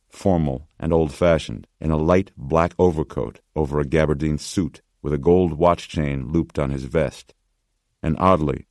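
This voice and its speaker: A man narrating an audiobook in measured, steady scripted narration. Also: rumbling low, dry recording, studio quality.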